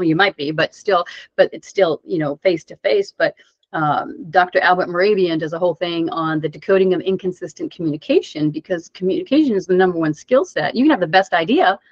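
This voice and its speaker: A woman presenting a webinar for coaches. She speaks in an animated, conversational way and asks the audience many rhetorical questions. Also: medium pitch, no echo. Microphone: video call mic. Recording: dull, dry webinar audio.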